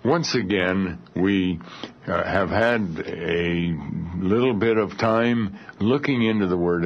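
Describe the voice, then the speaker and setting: A man's voice: sits low, slow. A man teaching a Bible study in an earnest, grave way, often repeating words as he restarts his phrases. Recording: dull lo-fi recording.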